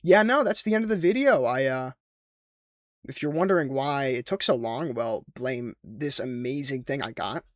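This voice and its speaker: A man's voice: mid-range voice, expressive, normal speed, dry recording, studio quality. A young man casually recapping his game sessions as a YouTuber, rambling in slangy, profane talk. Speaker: gaming YouTuber.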